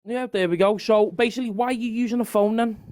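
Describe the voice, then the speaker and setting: High-pitched man, heated debater who rambles and keeps repeating his point. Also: steady tone, fast talker, darkish tone. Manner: argumentative, rambling, repeats himself.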